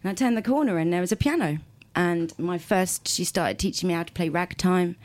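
A low-pitched woman talks about her past as an interview guest. She rambles from one story to the next, laughs often and keeps restarting her sentences. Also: fairly quick, a little mellow. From South London, England. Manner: rambling storyteller, frequent laughs, self-corrections. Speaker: guest musician. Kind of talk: casual interview chat.

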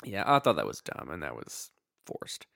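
A man's voice: rumbling low, wildly swooping pitch, moderate pace, vocal fry, fairly bright tone, no room sound, clean studio sound. A man co-hosting a casual film podcast, blunt and swearing as he picks a movie apart. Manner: blunt, swears, mock-quotes characters. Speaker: podcast co-host. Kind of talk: casual film review chat.

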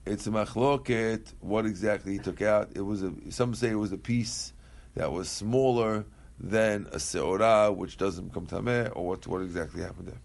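A man's voice: lowish voice, moderate pace, vocal fry. A man leading a Talmud class in a casual, conversational way. He reads Aramaic lines, translates them into English, asks questions aloud and answers students. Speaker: Talmud teacher.

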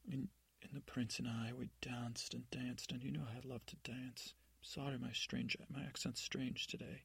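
Brief: man voicing a frightened young princess, sobbing and pleading, husky and dry. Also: medium pitch, flat delivery, a little slow, no room sound, heavily acted. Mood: tearful pleading.

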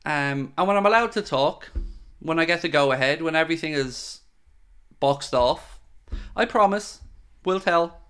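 A man's voice: a little high, lively intonation, unhurried, long pauses, a bit bright, smooth. An Irish man hosting a live stream, answering viewer questions in a frank, chatty way and calling them mate. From Ireland. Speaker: host of a football fan channel.

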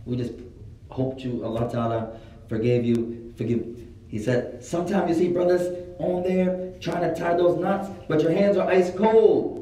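A man giving a religious lesson, telling a story with lively retellings and Arabic religious phrases woven into his English. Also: on the high side, a little slow, slight background noise. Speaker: religious teacher. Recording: very echoey room from a distant mic.

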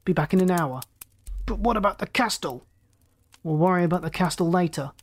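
Driven male space captain barking orders in a raised, strained voice, as a reader puts him on. He pushes his men hard and grows frantic as danger closes in, calls rising high. A storybook hero under pressure. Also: a little fast. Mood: commanding. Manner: barked urgent orders.

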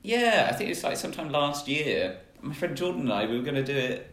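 Young Englishman, lively voice, echoey room. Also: fairly high pitch, fairly quick. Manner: hesitant, lots of "like" and "um". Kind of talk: casual chat.

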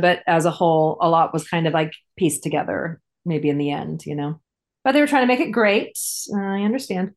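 A woman co-hosting a casual recap podcast, rambling along with plenty of fillers. Her voice sits a little lower than most women's. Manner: rambling, chatty, lots of fillers. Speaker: podcast co-host. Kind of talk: casual episode recap chat.

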